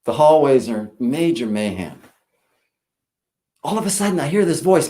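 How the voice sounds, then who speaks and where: A school principal giving a speech, telling a story with dramatic pauses. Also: male voice, medium pitch, big pitch swings, mellow.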